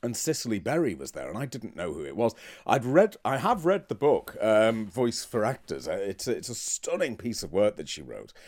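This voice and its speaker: A man's voice: lowish voice, moderate pace, few pauses. A man with a Liverpudlian accent, a drama teacher co-hosting a casual podcast chat and telling anecdotes. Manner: animated storyteller, laughs while telling anecdotes. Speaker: podcast co-host.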